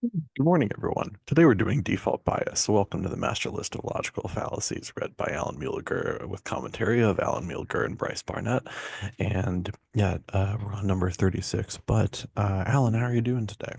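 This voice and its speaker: A man's voice: low voice, a little fast, vocal fry, darkish tone, husky, dry recording. A man hosting a casual podcast, joking around in a laid-back way and swearing casually. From Southern California. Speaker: podcast host.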